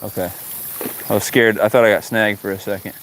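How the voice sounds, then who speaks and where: A man's voice: fairly low pitch, steady tone, brisk, fairly bright tone, slight background noise. Guy fishing outside on a livestream, jokey and exasperated, talking to chat, crickets in the background. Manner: joking, talks to viewers, exasperated at the fish. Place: outdoors by the water.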